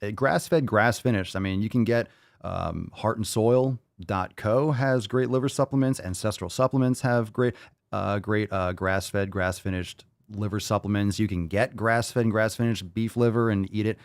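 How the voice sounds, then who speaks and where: A man's voice: lowish voice, moderate pace, vocal fry, no echo, clean studio sound. Blunt, profane male podcast host. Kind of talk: live Q&A chat.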